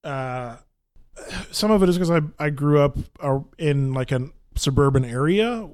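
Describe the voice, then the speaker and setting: A man's voice: on the high side, expressive, a little slow, darkish tone. A young man from Texas chatting casually, stammering and restarting, now and then trying out a Brooklyn accent.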